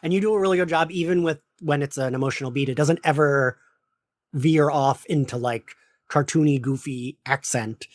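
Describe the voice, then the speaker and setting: A man in his forties hosting a casual interview, enthusiastic and quick to laugh. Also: on the high side, no echo, studio quality. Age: 40s. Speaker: podcast host.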